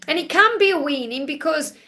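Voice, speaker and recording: A woman with a high, bright voice reads tarot cards on a live stream. She talks in a soothing, reassuring way and comes back to the same phrases again and again. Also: lively intonation, fairly quick. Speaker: tarot card reader. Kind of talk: live-stream card reading.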